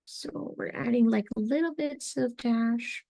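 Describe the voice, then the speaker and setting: A young adult woman teaching an online craft class, talking in a relaxed, chatty way with lots of fillers as she demonstrates. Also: on the high side, slow, creaky. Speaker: craft instructor.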